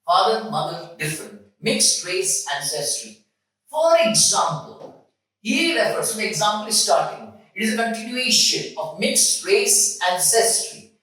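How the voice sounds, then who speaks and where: Test prep tutor, emphatic and repetitive, bright tone, distant echoey recording. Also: mid-range voice, sing-song, measured pace. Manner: emphatic, repeats key points, asks rhetorical questions. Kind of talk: classroom-style lesson explanation. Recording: echoey room, mic far off.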